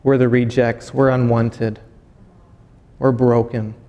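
A man's voice: mid-range voice, little pitch movement, takes it slowly, mellow, lo-fi sound. A man in his thirties giving a sermon, earnest and personal, often restarting his phrases. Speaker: pastor. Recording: hall with long reverb.

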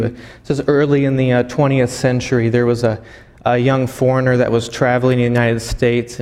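A man preaching a sermon. He tells a long story, halting and often repeating words as he goes. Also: medium pitch, darkish tone. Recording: long hall reverb.

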